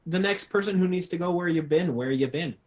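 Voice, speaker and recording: A man playing a character in a tabletop game, joking and arguing in a lively way. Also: a little high, a little fast. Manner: joking, argumentative. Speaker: player.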